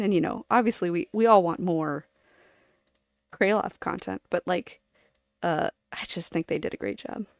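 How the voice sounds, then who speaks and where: A woman's voice: on the low side, no room sound. Rambling, giggly woman streamer. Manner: rambling, giggly, animated, jumps between topics. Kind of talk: casual stream chat.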